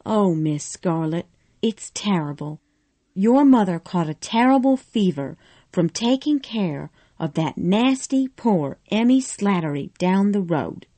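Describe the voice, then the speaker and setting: A devoted older housekeeper fusses and comforts in a mellow, unhurried voice, as a woman reader puts her on. She is a storybook figure, motherly and steady. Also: mid-range voice. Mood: tender. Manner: fussing, comforting.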